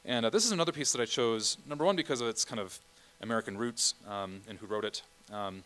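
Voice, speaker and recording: A man's voice: fairly low pitch, fast, a bit bright. Man directing a choir rehearsal. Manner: explanatory, keeps checking in with "okay?". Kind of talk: rehearsal instruction.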